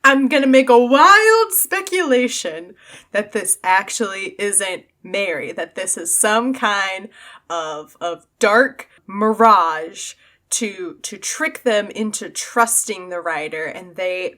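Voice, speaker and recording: Bright-voiced young woman rambling excitedly. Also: on the high side, slow. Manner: rambling, animated, many fillers. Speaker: podcast host. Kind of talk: casual book-discussion chat.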